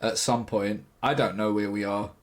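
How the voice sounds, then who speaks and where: A man's voice: fairly low pitch, steady tone, normal speed. A man hosting a casual interview over a video call, easygoing, laughing along and asking follow-up questions. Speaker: podcast host. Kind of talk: casual chat.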